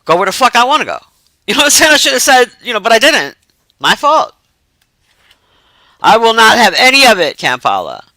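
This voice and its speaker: This live-stream chat comes from a man whose voice is high and piercing, talking briskly with frequent pauses. He swears freely, stays animated, and works up a show of fake indignation before cracking up at himself. The audio is dry and close-miked, with no sense of a room.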